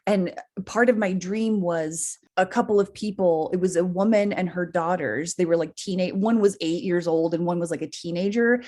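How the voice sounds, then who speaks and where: A woman's voice: lowish voice, normal speed, few pauses, dark tone. A woman co-hosting a podcast, casually telling a long dream story, laughing often and swearing freely. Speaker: podcast co-host. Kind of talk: casual chat, recounting a dream.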